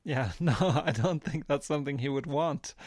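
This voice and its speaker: Man, podcast co-host, rambling deadpan banter, crude jokes, dry close sound. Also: fairly high pitch, normal speed, dry recording. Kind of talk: casual banter.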